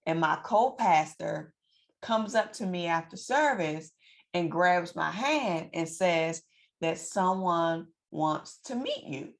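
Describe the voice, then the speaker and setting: A woman telling a personal story to her viewers in a lively, preacherly way, repeating phrases for emphasis. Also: on the low side, slow pace. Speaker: financial coach and vlogger. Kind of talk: casual storytelling to camera.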